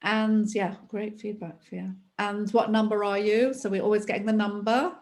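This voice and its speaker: A woman leading a therapy training session, explaining in a slow, repetitive, patient way. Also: medium pitch, steady tone, a little mellow.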